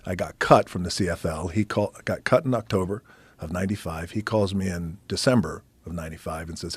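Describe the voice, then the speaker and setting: A middle-aged man casually telling stories as a podcast guest, swearing freely and dropping into hushed near-whispers for quiet moments. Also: low voice, fairly quick, breathy edge, no room sound. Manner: swears casually, laughs between anecdotes. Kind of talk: casual storytelling.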